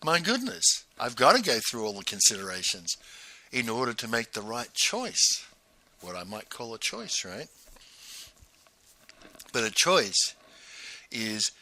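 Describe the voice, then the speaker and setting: Bright-voiced man teaching with chuckles. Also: fairly low pitch, big pitch swings. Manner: chuckling, halting, frequent "right?" asides. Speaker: business coach. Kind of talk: spoken lesson with anecdotes.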